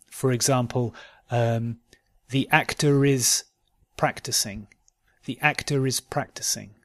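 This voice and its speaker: A male pronunciation teacher with a British accent works through word lists at a very unhurried pace. Each word comes out on its own, carefully and deliberately, and his voice sits at an ordinary middle pitch. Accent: British English. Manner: slow, deliberate word-by-word drilling. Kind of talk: pronunciation lesson.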